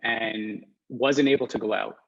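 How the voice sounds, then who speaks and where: A man in his twenties, a podcast guest, talking in a soft, hesitant, casual way with many fillers. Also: lowish voice, fairly even intonation, a little slow, vocal fry, muffled recording. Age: 20s. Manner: soft-spoken, hesitant, lots of "like". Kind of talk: casual interview.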